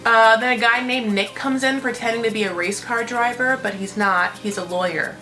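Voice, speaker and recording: A woman's voice: on the high side, steady tone, normal speed, pushed and bright, soft background music, rough recording. A woman hosting a casual reality-TV recap, chatty and profane, packed with "like". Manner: chatty, profane, constant filler "like". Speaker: host.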